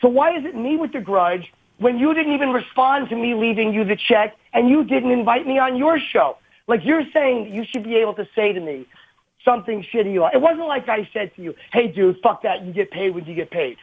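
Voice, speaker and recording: A middle-aged man argues by phone in a raised, exasperated back-and-forth, interrupting and defending himself. His voice sits high and sounds raspy and gravelly. The call comes through thin and tinny. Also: animated, brisk. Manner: defensive, exasperated, talks over the other man. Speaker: comedian calling in. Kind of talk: heated on-air argument.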